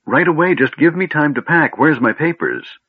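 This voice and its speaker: A man doing a fussy, excitable gnome. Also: moderate pace, slightly rough, no echo, exaggerated voice. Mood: fretful. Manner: anxious, high and fussy. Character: fretful, excitable male gnome. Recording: dry, tinny phone-like audio.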